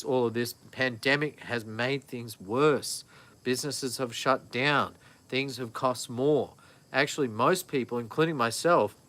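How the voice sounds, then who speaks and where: Bright-voiced chatty man. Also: mid-range voice. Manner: rambling, chatty, self-correcting. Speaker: vlogger. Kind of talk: casual live-stream chat.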